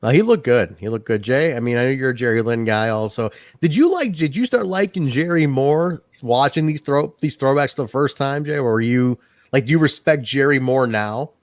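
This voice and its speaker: Animated man chatting on a wrestling podcast. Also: medium pitch, normal speed, no echo, studio quality. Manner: animated, laughing, acts out quotes. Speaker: podcast co-host. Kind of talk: casual chat.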